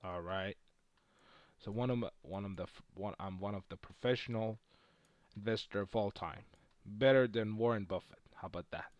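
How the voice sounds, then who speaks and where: A man's voice: lowish voice, moderate pace, dry recording. A man chatting casually on a live stream while trading stocks, brash and boastful and swearing freely. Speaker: livestream host trading stocks.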